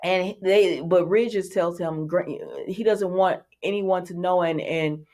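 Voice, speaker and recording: Lowish-voiced woman chatting through a soap recap, animated, laughing, doing the lines. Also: measured pace. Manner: chatty, animated retelling with laughs and acted quotes. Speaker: soap opera recap vlogger. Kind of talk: casual recap chat.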